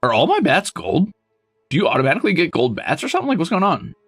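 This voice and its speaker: A man chatting casually while streaming a game, playful and animated, with sudden squeals, mock scolding and casual swearing. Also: on the high side, quick pace, husky, no echo, faint music behind. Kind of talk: casual game livestream chat.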